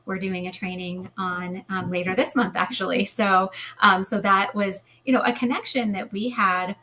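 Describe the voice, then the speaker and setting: A woman's voice: mid-range voice, bright, forceful tone, a little hiss or hum, poor audio. Fluent, explanatory female guest. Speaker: guest hypnotherapist. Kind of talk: interview answers.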